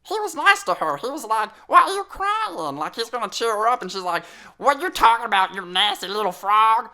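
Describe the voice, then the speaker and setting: A woman's voice: a little high, very animated, brisk, bright, forceful tone. A woman voicing a goofy talking sheep who hosts a children's story show, reading a fairy tale with playful, sassy asides to the listener. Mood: chatty. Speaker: storyteller host.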